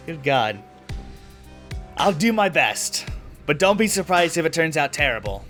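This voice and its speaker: A man hosting a let's play, reading a visual novel's text aloud and dropping casual, self-mocking asides with plenty of swearing. His voice sits fairly high and swings widely in pitch, with faint game music playing underneath. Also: big pitch swings, unhurried, long pauses, sharp tone.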